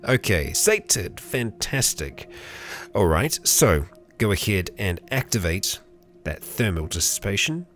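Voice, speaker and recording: A man's voice: fairly low pitch, very animated, takes it slowly, a bit bright, faint music behind. A young man hosting a let's play, chatting casually through the game and talking to the characters on screen. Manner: chatty, talks to game characters, bursts into mock fury and laughter.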